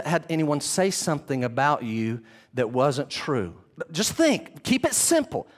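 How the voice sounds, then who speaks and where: A man preaching with animated storytelling, his voice sitting on the higher side. He talks directly to his congregation and builds the scene with vivid detail. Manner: animated storytelling, addresses listeners as "guys". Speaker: pastor. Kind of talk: sermon.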